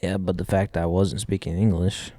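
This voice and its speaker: A man's voice: low voice, level tone, brisk, dark tone, dry recording, studio quality. A man co-hosting a podcast, arguing his point insistently in casual chat and restarting his sentences. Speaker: podcast co-host.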